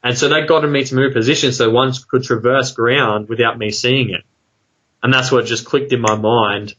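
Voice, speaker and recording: A man with an Australian accent telling a long story about his own experience in a casual, rambling way, full of fillers, quickening into excited asides. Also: mid-range voice, muffled recording. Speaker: guest telling an encounter story.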